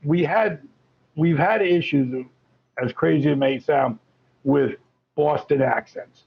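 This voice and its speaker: A man talking as a guest on an interview show, chatty and animated, often restarting his sentences. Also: fairly high pitch, slow pace, creaky, breathy edge. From Florida. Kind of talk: casual interview talk. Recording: lo-fi muffled audio.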